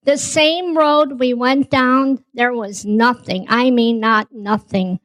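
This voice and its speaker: A woman's voice: a little high, steady tone, takes it slowly, low-quality recording. A woman telling a personal story as a guest, acting out both sides of the conversation. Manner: acts out dialogue, says "I go" often.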